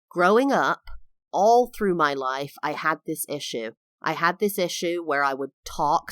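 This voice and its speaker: Woman, 30s, podcast host; low voice, dry close sound, open confessional delivery. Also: fairly bright tone, no room sound. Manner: candid and reflective, with emphatic swells. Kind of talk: personal storytelling monologue.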